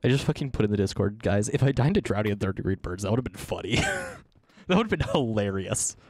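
A low-voiced man talks casually to his livestream chat, swearing and laughing at himself after a scare. The sound is dry and close on a headset mic. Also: animated, quick pace, a little mellow, dry recording. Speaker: streamer.

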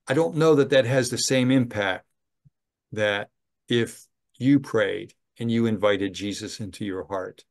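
A middle-aged man, a chaplain, giving a slow, gentle training talk on ministry, with some fillers. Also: fairly low pitch.

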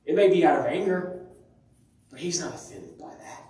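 In a church sanctuary, a male pastor with a slightly high voice preaches at a moderate pace, telling stories and acting out the voices of their characters. He's recorded from a distance in a very echoey hall.

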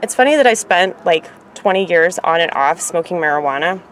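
A middle-aged woman talking casually to her viewers, rambling, laughing at her own stumbles and swinging from loud to quiet. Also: fairly low pitch, expressive, fairly quick, a little hiss or hum. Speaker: vlogger.

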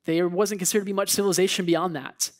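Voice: medium pitch, steady tone, fast. A preacher delivering a sermon in a church. The delivery is conversational and storytelling, full of asides. The preacher acts out what the Bible characters might be thinking. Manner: storytelling, acts out biblical figures' thoughts.

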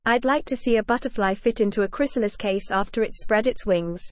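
A woman reading the lines of a calm, matter-of-fact alien time traveller in a plain voice. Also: on the high side, a little fast, no echo, lightly acted.

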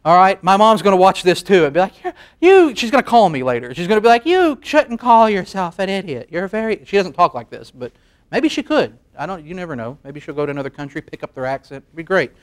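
A man's voice: fairly high pitch, lively intonation, quick pace. A man in his thirties hosting a late-night show in a studio, rambling self-deprecatingly through a comic monologue and laughing at his own jokes. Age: 30s. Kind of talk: comedic monologue. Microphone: facing a camera.

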